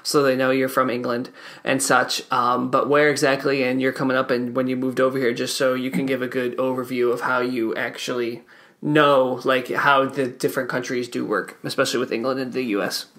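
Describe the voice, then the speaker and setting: Man, podcast host, bright forceful tone, rambling casual questions. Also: medium pitch, flat delivery, brisk. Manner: loose, rambling, filler-heavy questions. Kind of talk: casual chat.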